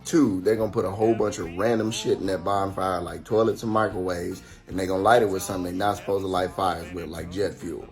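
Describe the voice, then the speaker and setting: A man's voice: sits low, fairly even intonation, fast talker, hardly any pauses, faint music behind. A man giving a dry, matter-of-fact list of tips. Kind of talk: short video explainer.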